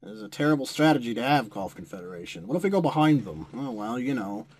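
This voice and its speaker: A man's voice: medium pitch, lively intonation, quick pace, a little mellow. A young American man commenting on a strategy war game he is playing, sarcastic and given to swearing at the computer opponents. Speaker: gameplay commentator.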